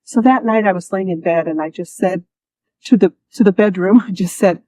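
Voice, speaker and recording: Guest storyteller, woman, middle pitch, animated, dry close recording. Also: normal speed, no room sound, rough recording. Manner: animated, acts out quoted voices, laughs often. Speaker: interview guest. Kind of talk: storytelling in a conversational interview.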